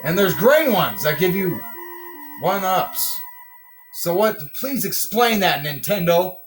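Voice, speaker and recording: High-voiced us guy playing a game, slow drawl, whooping and rhyming, faint music behind. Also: rough recording. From United States. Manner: excitable, whooping, breaks into rhymed boasts. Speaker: gamer. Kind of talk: casual gameplay commentary.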